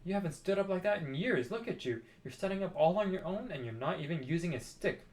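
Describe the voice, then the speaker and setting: A man's voice: high voice, expressive, quick pace, darkish tone. A man voicing an anxious young boy who calls out and pleads. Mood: worried. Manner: pleading, eager.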